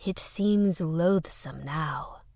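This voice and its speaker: A woman voicing a serene, graceful male insect-like alien artist, speaking softly and aloofly. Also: on the low side, lively intonation, unhurried, no room sound, studio quality.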